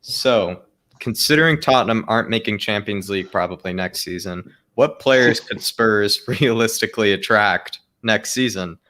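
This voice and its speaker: A man with a lowish, bright, forward voice hosting a casual podcast. He sets up questions steadily and methodically. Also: normal speed. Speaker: show host asking questions.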